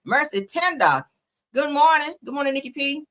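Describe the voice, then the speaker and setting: A woman's voice: high voice, lively intonation, normal speed, a bit bright. A woman hosting a livestream, giving casual, slangy commentary and laughing often. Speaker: livestream host.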